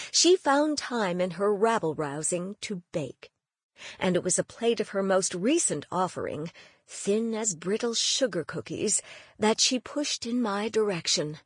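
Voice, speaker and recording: A woman narrating a novel in the first person with a wry, measured storytelling manner. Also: mid-range voice, lively intonation, slightly rough, no room sound, studio quality. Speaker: audiobook narrator.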